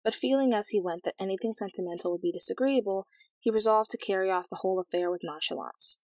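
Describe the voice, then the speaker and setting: A woman narrating a fairy tale as an audiobook reading, in a clear, even storytelling manner. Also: medium pitch, fast, dry recording, low-quality recording.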